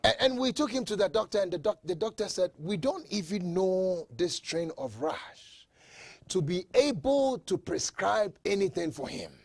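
A man preaching a sermon, shouting scripture with slow dramatic emphasis and swinging between loud proclamations and quiet asides. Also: high voice, sing-song, creaky, no room sound. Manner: quoting scripture.

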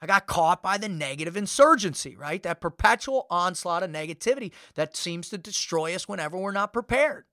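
A man's voice: high-pitched, lively intonation, a little fast, few pauses, sharp tone, no room sound, clean studio sound. A man hosting a podcast, telling a story in an emphatic, fired-up way with repeated phrases. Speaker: podcast host. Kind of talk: storytelling monologue.

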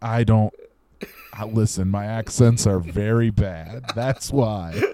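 A man's voice: fairly low pitch, slow pace, dark tone, no room sound. A young man co-hosting a podcast in casual comedic chat, playfully spinning a made-up story. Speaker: podcast co-host.

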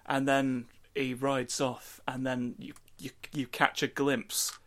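A man's voice: mid-range voice, flat delivery, slow pace, hardly any pauses. A man telling a rambling, joking story in a casual podcast chat. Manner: rambling, jokey storytelling with acted quotes. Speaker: podcast co-host. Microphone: studio microphone.

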